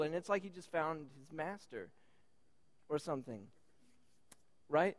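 A man giving a lively sermon to a young group, retelling a Bible story with incredulous asides and laughs. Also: high-pitched, normal speed, long pauses.

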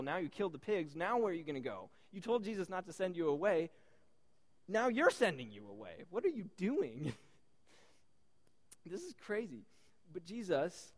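A man giving a lively sermon to a young group, retelling a Bible story with incredulous asides and laughs. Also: a little high.

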